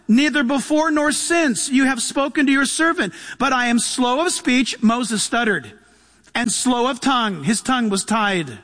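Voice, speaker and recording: A man preaching a sermon in a lively, animated way, acting out quotes and laughing often. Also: very high-pitched. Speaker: pastor. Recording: long hall reverb.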